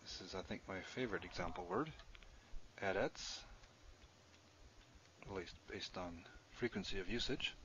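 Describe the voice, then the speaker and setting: A man with a fairly low voice walks through a grammar lesson step by step, writing as he talks. The recording is dull and lo-fi, with a faint hiss underneath. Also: very animated, measured pace, creaky, pauses often, fairly bright tone. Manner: explains step by step while writing on screen. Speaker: Hebrew teacher.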